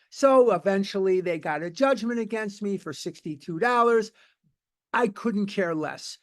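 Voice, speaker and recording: An older man in his seventies, with a notably high-pitched voice, tells his own recovery story at a meeting. He talks bluntly and with emphasis, circling back to repeat key phrases. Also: lively intonation, measured pace. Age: 70s. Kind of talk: personal testimony at a recovery meeting.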